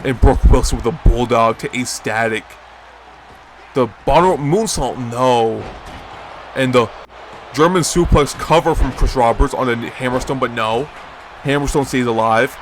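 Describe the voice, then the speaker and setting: A young man doing excited play-by-play commentary on a video game wrestling league, breaking into high shouts at big moves and chatting to viewers in between. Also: unhurried, a little hiss or hum.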